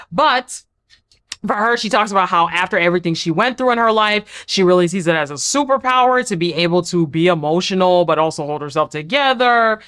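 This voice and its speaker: Animated woman recapping reality TV. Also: medium pitch. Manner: blunt, animated, slangy commentary. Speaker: recap vlogger. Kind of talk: casual reality-show recap.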